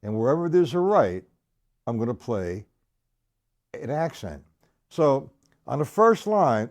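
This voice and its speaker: Teaching drums on a live stream, a man counts beats aloud and explains accents, loud enough to carry over the snare and the loud music. His mid-range voice is animated, his pace measured, with long pauses.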